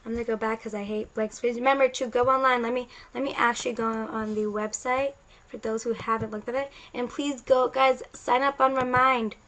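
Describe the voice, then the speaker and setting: Woman, science teacher, casual lecture, fairly high pitch, chatty, self-correcting. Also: fairly even intonation, a little fast, fairly bright tone, low-quality recording. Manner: casual, chatty explaining with many restarts. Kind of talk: recorded classroom lecture.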